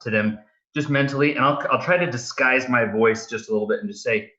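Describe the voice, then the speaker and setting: A man's voice: medium pitch, sharp tone. Playful man at a game table, lo-fi mic. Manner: halting, playful. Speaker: player. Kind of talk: casual chat at a game table.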